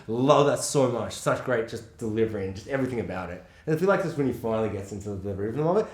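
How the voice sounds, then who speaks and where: A man discussing a film in casual chat, swearing freely and acting out quotes in a high voice. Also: very animated, fast talker. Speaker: podcast co-host. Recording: echoey room.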